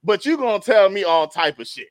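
A young man and podcast co-host telling an animated comedic story in casual chat, laughing often and constantly checking in with his listeners. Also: high-pitched, a little fast, dry recording. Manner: animated storytelling with constant laughs and "you know what I'm talking about".

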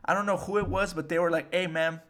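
A man's voice: sits high, fairly even intonation, fast. A young man hosting a podcast, rambling in casual, slangy chat full of swearing. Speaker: podcast host.

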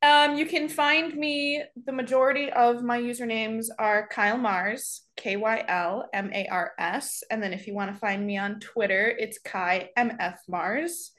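A woman's voice: on the high side, steady tone, measured pace, few pauses, a bit bright. A woman from the American Midwest with a slight Midwestern accent, a podcast guest who jokes back and laughs easily. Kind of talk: casual chat.

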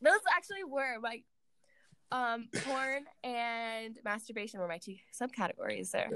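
A woman's voice: a little high, moderate pace, a bit bright. A woman co-hosting a podcast in casual chat, rambling with many fillers and restarts. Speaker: podcast co-host.

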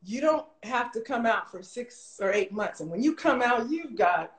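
A middle-aged woman telling a long personal story in casual chat, animated and full of "like" fillers, jumping high in pitch when she quotes people. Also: moderate pace. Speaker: guest telling her story. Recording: roomy echo.

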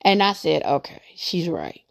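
A woman with a deep voice, wildly swooping pitch, and vocal fry hosts a podcast, speaking a little slowly. In a casual monologue, she talks through her faith in an earnest, rambling way, repeating points for emphasis.

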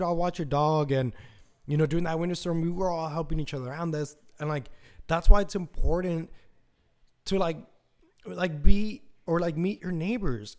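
Male podcast host, casual solo talk, loose and profane, lots of "like" and "you know", voice sitting a bit high. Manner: rambling and profane, full of fillers. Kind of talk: casual monologue.

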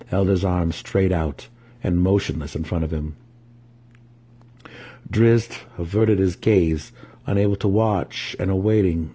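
A man reading a fantasy novel aloud, telling the story with steady drama. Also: sits low, slightly rough. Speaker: audiobook reader.

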